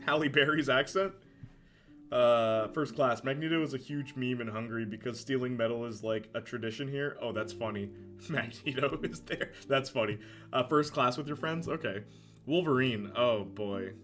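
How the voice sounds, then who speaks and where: A young man streaming casual commentary, animated, laughing often and answering chat. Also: medium pitch.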